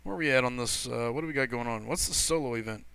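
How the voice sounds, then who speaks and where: A man's voice: mid-range voice, quick pace, vocal fry, sharp tone, clean tone, dry recording. A man hosting a gaming livestream in casual chat, greeting viewers and reading their messages aloud in a loose, rambling way. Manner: loose and rambling, with frequent fillers and self-corrections.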